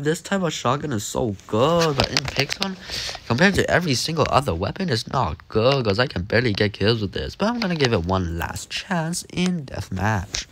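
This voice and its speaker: Over some background noise, a young man with a mid-range voice offers animated, jokey gaming commentary. He keeps it casual, chatting to himself while he plays.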